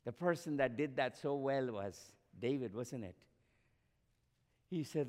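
A man's voice: mid-range voice, animated, measured pace, darkish tone, big-room sound. A man preaching a sermon, with a repetitive, rising and falling cadence that drops at times to near whispers. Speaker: pastor.

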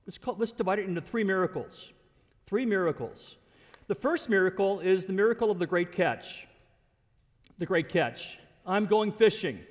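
Animated male preacher; high, lively voice in an echoey hall. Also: moderate pace. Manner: animated, acts out the scripture characters, chuckles often. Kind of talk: sermon.

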